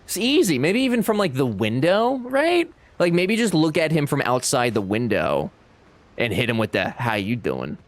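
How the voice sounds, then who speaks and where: A man's voice: fairly high pitch, huge pitch swings, moderate pace. Playful man teasing his chat. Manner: playful, teasing, jokey banter. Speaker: streamer. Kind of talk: casual live-stream chat with viewers.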